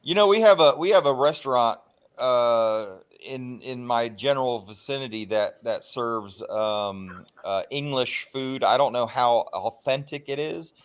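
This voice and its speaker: A man's voice: medium pitch, smooth. Rambling, swearing man chatting on a livestream. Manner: rambling, swears freely, frequent filler pauses. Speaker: livestream host. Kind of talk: casual livestream chat.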